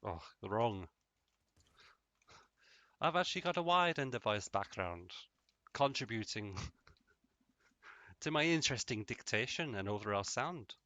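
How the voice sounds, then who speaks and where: A man putting on a deliberately bad, exaggerated accent as a loud, playful character. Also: mid-range voice, animated, dry recording, muffled recording. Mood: boisterous. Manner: exaggerated, playful, laughing between lines.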